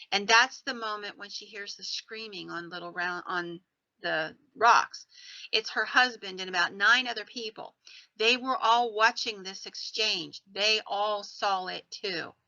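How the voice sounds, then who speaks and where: Bright, sharp-voiced woman telling ghost stories. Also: medium pitch, no room sound, highs cut off. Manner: animated, digressive storyteller. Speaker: podcast host.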